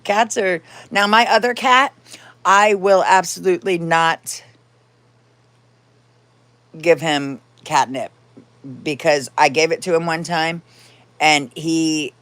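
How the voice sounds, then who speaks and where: A woman's voice: low voice, a bit bright, no room sound. Woman chatting on a livestream from home, rambly, laughs a lot, baby-talks her cat. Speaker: livestream host. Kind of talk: casual live chat.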